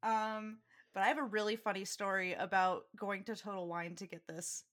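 A young woman co-hosting a podcast in casual chat, an animated storyteller who laughs often. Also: medium pitch, moderate pace. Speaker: podcast co-host.

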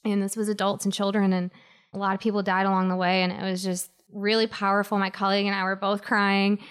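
A woman guest telling a personal story in an earnest, halting way with many fillers. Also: medium pitch, little pitch movement, smooth.

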